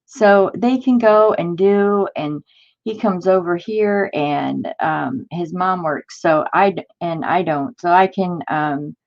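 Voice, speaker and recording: A woman's voice: lowish voice, slow pace. Exasperated woman venting, dull lo-fi sound. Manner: exasperated, talks to live chat viewers. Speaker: crafting channel host. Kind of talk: casual venting while crafting.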